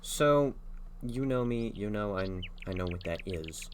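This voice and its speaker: A man's voice: lowish voice, lively intonation, unhurried, slight background noise. A young man from Texas, a streamer chatting casually and asking joking interview questions while he plays a game. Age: young adult. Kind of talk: casual chat while gaming.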